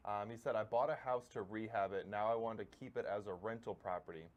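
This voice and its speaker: A man helping on a live class, reading viewer questions aloud in a plain, quiet way. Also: fairly low pitch, fairly quick.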